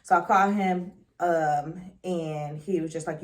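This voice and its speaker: A young woman telling a dramatic story in a chatty storytime vlog, full of slang and quick swings between loud and hushed. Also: lowish voice, fairly even intonation. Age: young adult. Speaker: vlogger.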